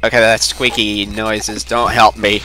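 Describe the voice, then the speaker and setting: A man's voice: fairly low pitch, level tone, a little slow, sharp tone. A man giving casual, goofy, rambling commentary while playing a game. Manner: goofy, rambling, jokey asides. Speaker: gameplay commentator. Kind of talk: casual let's-play commentary. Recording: game music behind the voice.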